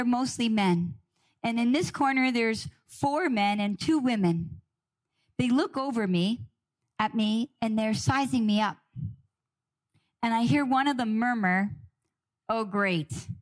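Slow, high-voiced woman telling a story. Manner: slow, dramatic pauses, emotional storytelling. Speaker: guest speaker. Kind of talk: personal storytelling.

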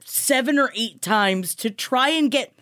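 A woman's voice: a little high, lively intonation, measured pace, a bit bright. A young adult woman co-hosting a gossip podcast in casual chat, playful and teasing, breaking into song snippets. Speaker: podcast co-host.

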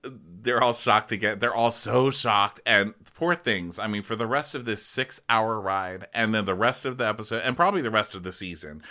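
A man's voice: moderate pace, hardly any pauses, pushed and bright. A man co-hosting a podcast, recapping a reality show in a sardonic, joking way. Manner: sardonic, bursts into shrill mock impressions. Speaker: podcast co-host. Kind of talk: comedic recap chat.

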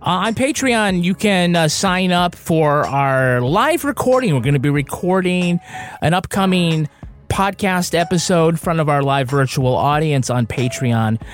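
A man co-hosting a podcast, reading announcements in a relaxed, hesitant way with many fillers. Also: fairly high pitch, measured pace, soft background music. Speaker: podcast co-host. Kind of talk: casual podcast chat and announcements.

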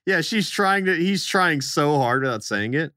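A man's voice: a little high, lively intonation, moderate pace, bright, forceful tone, no echo, studio quality. A young man co-hosting a podcast, chatting casually and acting out the people in his story. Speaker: podcast co-host.

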